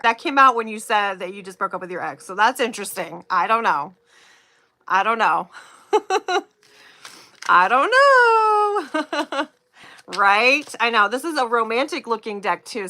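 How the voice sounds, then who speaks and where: A woman hosting a casual live stream, chatting and giggling with viewers while slowly reading out oracle card phrases. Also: medium pitch, sharp tone.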